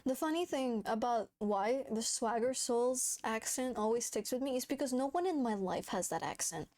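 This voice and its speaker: A woman's voice: a little high, expressive, normal speed, darkish tone. A young woman streaming, chatting casually with her viewers, giggling often and swearing freely. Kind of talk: casual chat reading viewer messages.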